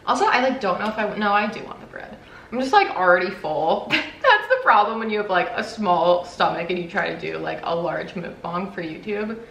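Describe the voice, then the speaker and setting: A woman's voice: mid-range voice, expressive, moderate pace, vocal fry, a bit bright. A young woman YouTuber chatting casually while she eats on camera for a mukbang, swearing now and then. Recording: roomy echo, faint background noise.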